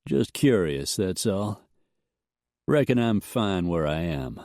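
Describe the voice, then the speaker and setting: A man doing a drawling, calm bounty hunter. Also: deep voice, takes it slowly, no echo, clean studio sound, heavily acted.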